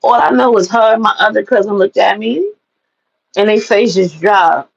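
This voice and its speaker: Brief: woman, gravelly fry in the voice, blunt and profane storyteller, slightly dull lo-fi sound. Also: medium pitch, normal speed. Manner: animated, blunt and profane, laughing at own stories. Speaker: vlogger telling stories. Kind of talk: casual storytelling to camera.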